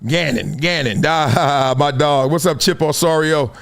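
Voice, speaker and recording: Faint music plays behind a middle-aged man hosting a sports talk livestream from his home studio. His voice is fairly high and a bit bright, his pace measured, and he meets chat with emphatic build-ups and frequent laughter.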